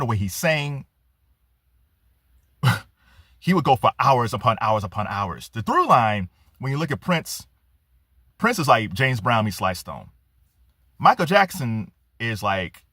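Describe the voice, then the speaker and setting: A man giving excitable reaction commentary on a concert, laughing often and rising to near-shouts. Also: mid-range voice, dry recording, studio quality. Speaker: music commentator.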